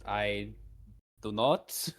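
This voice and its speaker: A man's voice: on the low side, extremely slow. A man playing in a tabletop game, talking in a hesitant, stammering way. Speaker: player. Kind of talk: casual tabletop play.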